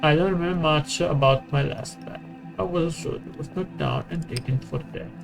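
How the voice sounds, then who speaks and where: A man's voice: a little high, vocal fry, distant mic, over music, low-quality recording. An Italian man reading a dazed wounded soldier. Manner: halting reading with stumbles.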